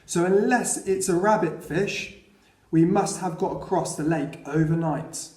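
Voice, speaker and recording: A man voicing an eager young girl who exclaims excitedly. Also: fairly high pitch, unhurried, echoey room, lightly acted.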